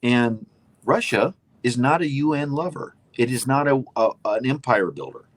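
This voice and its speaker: Husky, emphatic man ranting casually. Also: medium pitch, lively intonation, normal speed. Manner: emphatic, opinionated, rambling with restarts. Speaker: co-host. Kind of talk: casual political chat.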